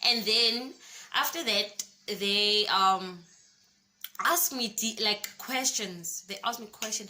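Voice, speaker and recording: Young south african woman doing a storytime vlog, unhurried, kinda bright tense voice, talks to the viewers. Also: medium pitch, slight background noise. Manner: expressive storytelling, addresses viewers as guys. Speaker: YouTuber.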